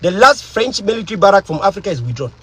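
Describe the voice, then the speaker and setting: A woman giving an impassioned political monologue as an activist, emphatic and full of rhetorical questions, with a husky voice. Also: mid-range voice, big pitch swings, fast, poor audio.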